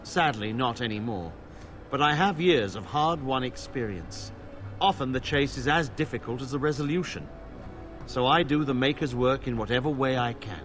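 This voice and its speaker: An actor playing a blind, battle-scarred older knight in a video game, speaking in formal, archaic phrases. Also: male voice, medium pitch, animated, normal speed, a bit bright, faint music behind, natural voice. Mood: solemn. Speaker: game character.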